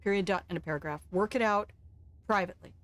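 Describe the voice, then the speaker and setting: A woman's voice: medium pitch, fast talker, a bit bright, dry recording. An older woman streaming a game, giving blunt, frank advice with some swearing. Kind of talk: casual gameplay commentary.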